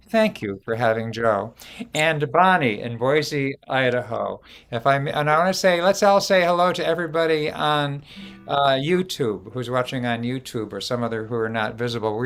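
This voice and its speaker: A man's voice: mid-range voice, fairly bright tone, smooth. A man hosting a casual online show, reading out long lists of greetings with fillers and restarts. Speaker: host.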